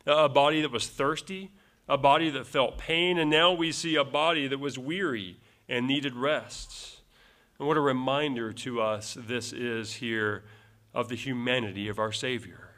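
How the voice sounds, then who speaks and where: A man's voice: mid-range voice, bright, forceful tone. A male pastor preaching a verse-by-verse sermon, earnest, repeating phrases for emphasis and closing points with rhetorical tag questions.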